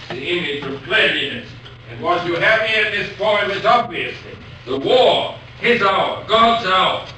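A man giving a university lecture, reading poetry aloud slowly and otherwise talking haltingly with many pauses. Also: a little high, sharp tone. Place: lecture hall. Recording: echoey hall from far off, faint noise.

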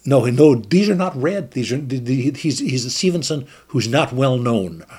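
A man's voice: medium pitch, animated, moderate pace, a little mellow, husky. Thoughtful man reading and reflecting. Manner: thoughtful, hesitant with restarts when talking freely. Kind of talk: reading a fable aloud, then casual talk.

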